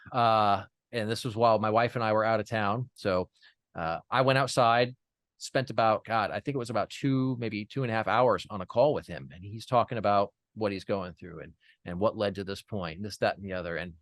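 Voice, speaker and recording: A man's voice: on the low side, dry recording, clean studio sound. A man as an interview guest, telling a personal story in an earnest way, with many fillers and restarts.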